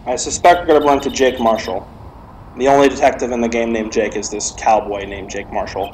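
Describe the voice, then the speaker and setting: A man's voice: mid-range voice, fairly quick, slight background noise, rough recording. A young man hosting a let's play, reading the dialogue aloud and joking, with stumbles. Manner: animated and jokey, reads lines aloud with stumbles.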